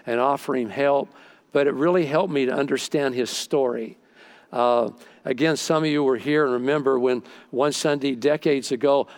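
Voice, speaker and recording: A middle-aged male pastor preaching a sermon. He tells stories and acts out what people said. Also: mid-range voice. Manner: storytelling, acts out quoted dialogue.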